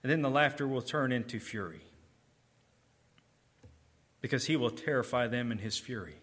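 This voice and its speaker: A man preaching a sermon, emphatic, swinging between booming declarations and hushed, slow asides.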